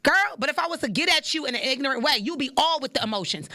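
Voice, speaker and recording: A young woman hosting a podcast, preaching in a casual, animated monologue and repeating lines for emphasis. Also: high-pitched, rapid-fire, hardly any pauses. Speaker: podcast host.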